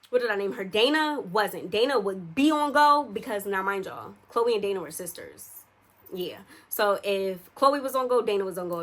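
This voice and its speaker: A young woman in the middle of a casual storytime, her voice sitting at an ordinary pitch. She chats loosely and talks straight to her viewers, with plenty of slang. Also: a bit bright. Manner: chatty, addresses viewers directly, slangy. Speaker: vlogger telling a story.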